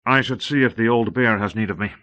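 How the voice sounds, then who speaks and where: Guy reading a worried young watchman, kinda high and bright, old muffled tape. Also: fairly quick. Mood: earnest. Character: young man of the Watch, earnest, troubled. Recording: dull old cassette tape.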